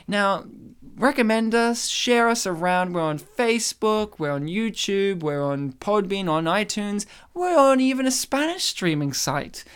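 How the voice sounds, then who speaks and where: A man's voice: sits high, lively intonation, unhurried, fairly bright tone, clean tone. Playful teasing male podcast host. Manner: playful, teasing, laughs often. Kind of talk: casual comedic podcast chat.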